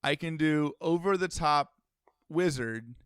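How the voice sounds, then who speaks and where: Smooth-voiced joking male podcast host. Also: a little high, unhurried, a bit bright, no room sound, studio quality. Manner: jokey, laughs often. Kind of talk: casual comedic chat.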